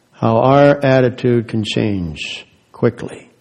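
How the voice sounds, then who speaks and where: With an animated, mid-range voice at a moderate pace, this preacher leaves long pauses as he swings from quiet, hushed lines to loud, emphatic ones. He asks many rhetorical questions, and the sound is that of a big room.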